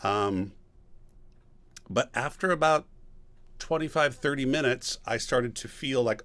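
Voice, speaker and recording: A man, a guest voice actor and voice director, answering a question on a video call in a relaxed storytelling way, pausing with ums and clearing his throat. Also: mid-range voice.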